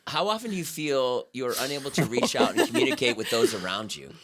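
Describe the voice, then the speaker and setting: A man's voice: medium pitch, huge pitch swings, fairly quick, a crowd in the background. A man hosting a podcast, teasing his guests and reading quiz questions aloud in casual banter. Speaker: podcast host.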